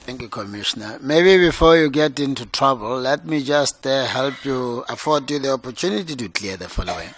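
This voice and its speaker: A man's voice: mid-range voice, expressive, a little fast, few pauses, fairly bright tone. A man chairing a formal interview panel, asking questions in a courteous, formal way. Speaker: commission chair.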